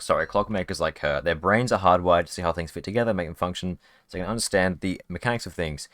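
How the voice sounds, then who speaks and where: Low-voiced man rambling on a game stream. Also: fairly bright tone, no room sound. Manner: rambling, many fillers and restarts. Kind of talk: casual live-stream commentary. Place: home streaming setup.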